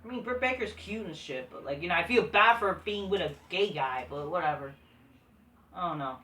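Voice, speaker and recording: A woman's voice: on the low side, animated, a little fast, pushed and bright. A woman reviewing wrestling shows in a profane, scornful, dismissive casual rant. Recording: echoey room, distant mic.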